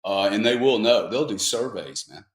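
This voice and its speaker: A man's voice: fairly low pitch, animated, moderate pace, reverberant. A man speaking as a guest panelist, rambling and emphatic in an opinionated discussion.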